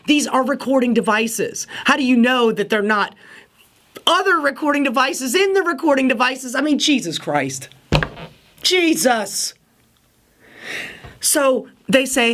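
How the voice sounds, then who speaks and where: A woman delivering a casual political rant with a sarcastic, exasperated edge. Her pitch swings widely as she talks, rising and dropping with each point. She sounds fed up and mocking. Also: expressive, a little slow, pauses often, a bit bright. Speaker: political commentary host.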